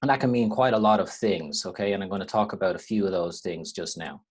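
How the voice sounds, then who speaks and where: An Irish lecturer in his thirties presents a webinar over a video call. His voice sits low, and his talk is relaxed and rambling, with restarts along the way. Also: fast, breathy edge. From Ireland. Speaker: university lecturer.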